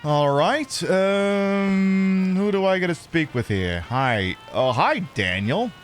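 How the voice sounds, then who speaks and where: A man's voice: sits high, expressive, takes it slowly, faint music behind. An American man chatting casually while streaming a game, rambling and stammering through restarts. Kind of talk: casual chat while gaming.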